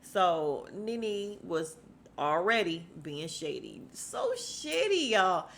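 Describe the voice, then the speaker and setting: A woman's voice: fairly low pitch, very animated, slow, gravelly, slight background noise. Chatty woman recapping an episode. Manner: chatty, slangy, addresses listeners as y'all. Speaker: podcast host.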